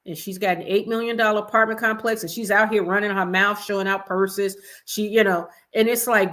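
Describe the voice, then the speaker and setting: A woman hosting an evening livestream, giving chatty, expressive commentary and talking straight to her viewers. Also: medium pitch, a little fast, hardly any pauses. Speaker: livestream host. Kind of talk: casual commentary chat.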